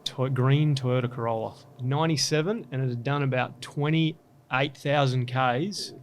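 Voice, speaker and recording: A young footballer answering podcast questions in a short, matter-of-fact way. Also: male voice, mid-range voice, measured pace, a little hiss or hum. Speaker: guest footballer. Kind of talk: casual interview answers.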